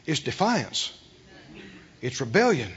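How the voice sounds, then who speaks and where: A man preaching a sermon with energy. He throws questions to the congregation and acts out the quoted voices with big swings in loudness. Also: medium pitch, slow pace, husky, lo-fi sound. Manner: animated preaching with call-and-response questions to the congregation. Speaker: pastor.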